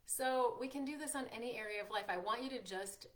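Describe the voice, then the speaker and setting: A woman hosting a live-streamed workshop, chatty and encouraging, reading out viewers' comments and filling pauses with "like" and "um". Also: on the high side, fairly bright tone. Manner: encouraging, frequent fillers like "like" and "um". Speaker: workshop host and coach.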